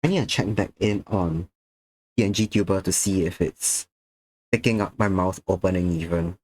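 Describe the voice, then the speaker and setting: A man's voice: deep voice, moderate pace, a little mellow, no echo. A tired man chatting to viewers during an art stream, a little sick, drowsy and slurring slightly. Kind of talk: casual stream chat while drawing.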